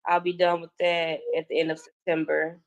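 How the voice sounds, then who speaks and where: A woman's voice: fairly low pitch, level tone, normal speed, poor audio. A young woman on a video call, shy and hesitant, laughing nervously as she talks about herself. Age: young adult. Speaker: former student, guest.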